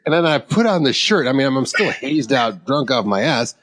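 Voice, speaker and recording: A middle-aged man co-hosting a podcast, telling a story in a rambling, animated way and laughing along with it. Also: medium pitch, brisk. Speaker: podcast co-host. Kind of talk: casual storytelling. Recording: long hall reverb.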